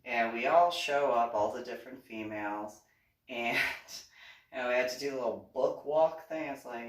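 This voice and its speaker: A woman with a bass voice and an East Coast American accent tells stories casually at a moderate pace, laughing often and acting out other people's voices. She is set back from the mic in an echoey, reverberant room.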